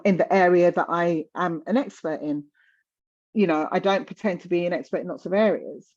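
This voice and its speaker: A woman's voice: lowish voice, a little mellow, muffled recording. A woman in her fifties talking candidly in conversation, passionate and emphatic, often repeating words for stress. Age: 50s.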